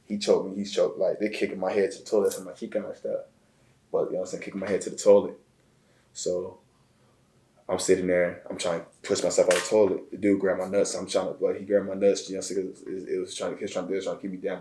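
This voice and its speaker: A man from Chicago, a guest telling a personal story in a halting, emotional way, often repeating words. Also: sits low, a little mellow. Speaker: interview guest. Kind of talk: casual storytelling. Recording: echoey room.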